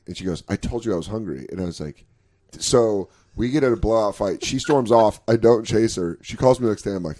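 A man's voice: on the low side, fairly quick, mellow. A man in his thirties, a comedian casually telling stories, acting out both sides and swearing freely. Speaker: comedian podcast host. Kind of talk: casual storytelling chat.

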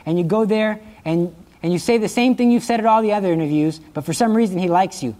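A middle-aged man giving a lively religious talk, telling stories and laughing at his own jokes. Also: sits high, fast. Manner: animated storytelling, acting out quotes, laughing at his own jokes.

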